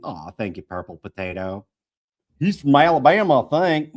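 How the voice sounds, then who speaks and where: A man's voice: mid-range voice, animated, normal speed. A man in his fifties from the American Midwest, reading an audiobook live, retaking lines and chatting with his viewers. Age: 50s. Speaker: audiobook narrator and livestream host.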